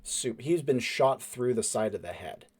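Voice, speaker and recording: A man's voice: medium pitch, lively intonation, unhurried, husky. Man narrating as game master. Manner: descriptive, with filler words and hushed dramatic drops. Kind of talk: narrating a tabletop role-playing game.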